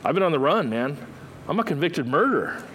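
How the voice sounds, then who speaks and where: A man's voice: a little high, very animated, fairly quick, fairly bright tone, slight background noise, rough recording. A man voicing an anxious old prophet full of excuses. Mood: pleading. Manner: pleading, stammering on purpose.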